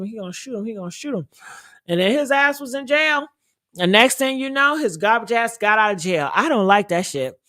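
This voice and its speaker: A woman's voice: a little high, a bit bright. A woman hosting a celebrity gossip show, ranting bluntly and heatedly with lots of profanity. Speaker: commentary podcast host. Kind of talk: casual celebrity gossip commentary.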